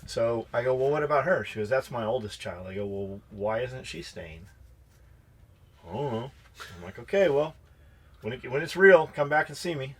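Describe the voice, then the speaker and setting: A man's voice: mid-range voice, normal speed, long pauses, breathy edge. A man co-hosting a podcast who bluntly tells a workplace story, swearing often and acting out the dialogue. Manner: blunt, profane, acts out dialogue. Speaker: podcast co-host. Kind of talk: casual storytelling chat.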